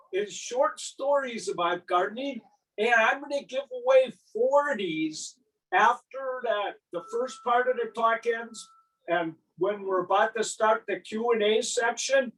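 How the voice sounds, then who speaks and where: High-voiced, slow-talking older man. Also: recorded from a distance, low-quality recording. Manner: exuberant, animated storyteller with big vocal sound effects. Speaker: gardening speaker. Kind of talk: storytelling gardening talk.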